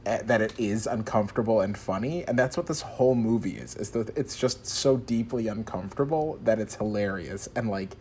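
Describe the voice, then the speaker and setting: A man hosting a casual film chat, animated, laughing often and acting out quotes. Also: on the low side, a little fast, hardly any pauses, slight background noise.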